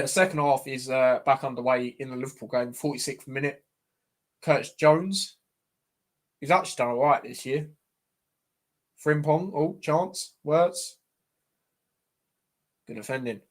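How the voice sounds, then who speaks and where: A man's voice: medium pitch, a little slow, long pauses. A young man hosting a live football watchalong as a fan, chatty and exasperated, calling his viewers "mate" constantly.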